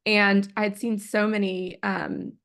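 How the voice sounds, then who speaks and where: Gravelly-voiced woman telling a story. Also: mid-range voice, a little slow. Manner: animated, acts out quoted dialogue, swears freely. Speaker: guest. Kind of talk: personal storytelling in a conversation.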